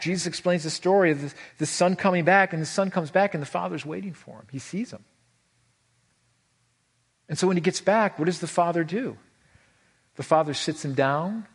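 A middle-aged man preaching a sermon as pastor, animated, with his voice leaping high for emphasis and slowing right down on key words. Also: husky. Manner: animated, voice leaps high for emphasis, drawn-out slow stresses.

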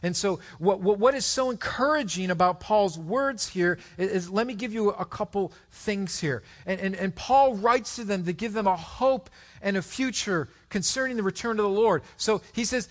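A male pastor preaching a sermon, reading scripture and making animated asides to the congregation. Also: moderate pace. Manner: animated preaching, pitch and volume swinging widely, with asides to the congregation.

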